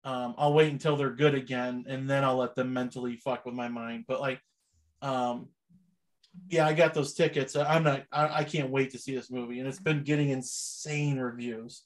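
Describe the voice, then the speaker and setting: A man's voice: medium pitch, steady tone, moderate pace. A young adult man co-hosting a podcast in casual chat, rambling easily and laughing often. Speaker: podcast co-host.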